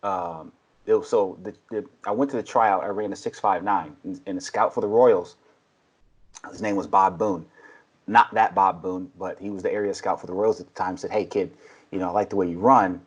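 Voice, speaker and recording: Husky, low-voiced man telling stories. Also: moderate pace. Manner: animated storyteller, acts out quotes. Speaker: podcast guest, baseball coach. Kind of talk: casual storytelling.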